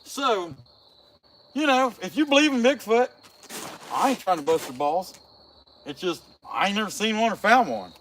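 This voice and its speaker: A man's voice: high voice, lively intonation, normal speed, pauses often, a bit bright, a little hiss or hum. A man, a chainsaw carver, telling a long casual story in a folksy, chatty way full of fillers.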